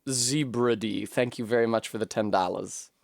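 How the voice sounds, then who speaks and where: A woman streaming a video game, talking casually and profanely, rambling between tangents and breaking into high yelps and shrieks when things go wrong. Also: moderate pace, vocal fry, dry recording, studio quality. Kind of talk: casual live-stream commentary while gaming.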